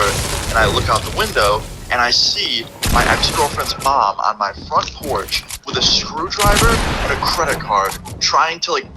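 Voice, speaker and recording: A young man tells a dramatic personal story at his home computer, lively and incredulous with plenty of swearing. Game gunfire and clicks pop clearly underneath his voice. His pitch sits in an ordinary middle range. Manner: animated, incredulous, swears freely. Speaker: YouTuber. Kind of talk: storytime narration over gameplay. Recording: gunfire from game noise behind.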